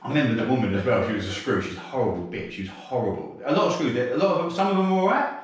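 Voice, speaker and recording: A man with a South London accent, telling sweary, animated stories as a podcast guest. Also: mid-range voice, very fast, slight background noise. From South London, England. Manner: sweary, animated anecdote-telling with bursts of laughter. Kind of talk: casual storytelling interview. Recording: very echoey room, mic at a distance.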